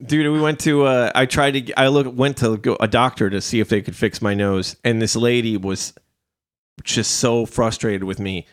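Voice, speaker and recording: A man on a casual podcast telling long, rambling stories and cursing freely as he goes. His pitch sits in an ordinary middle range. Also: fairly even intonation, moderate pace. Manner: rambling storyteller, swears freely. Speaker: podcast host. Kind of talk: casual chat.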